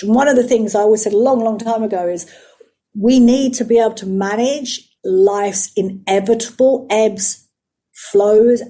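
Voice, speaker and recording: A middle-aged woman, a psychotherapist and life coach, talking earnestly and slowing down to stress her words. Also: on the high side, warm tone. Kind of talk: reflective coaching talk.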